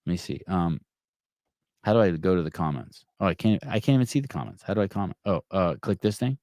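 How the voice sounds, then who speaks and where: A man's voice: low voice, fast talker, darkish tone, no echo, studio quality. A man hosting a podcast, chatting casually, swearing freely and stumbling through restarts as he reads viewer comments aloud. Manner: profane, rambling, self-mocking, with many stammered restarts. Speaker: podcast host. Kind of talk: casual live-stream chat, reading viewer comments.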